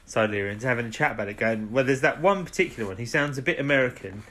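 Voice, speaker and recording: A man co-hosting a casual podcast, recapping an episode in a loose, rambling way. He keeps tossing in tag questions, and his voice sits at an ordinary, mid-level pitch. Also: racing, fairly bright tone. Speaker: podcast co-host.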